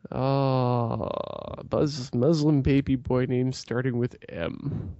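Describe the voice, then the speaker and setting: Pria bersuara gelap, obrolan santai. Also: male voice, mid-range voice, fairly even intonation, slow pace, warm tone, dry recording, lo-fi sound. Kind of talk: casual chat.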